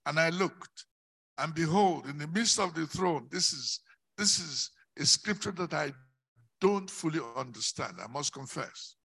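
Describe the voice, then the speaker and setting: A man preaching a sermon, slow and declamatory, rising into emphatic shouts on key words. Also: on the high side, animated, gravelly, slightly rough.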